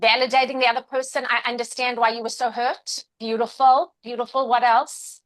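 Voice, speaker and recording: A woman's voice: fairly high pitch, flat delivery, a little fast, fairly bright tone, rough recording. A woman in her forties teaching an interactive class, upbeat and encouraging, calling on participants by name.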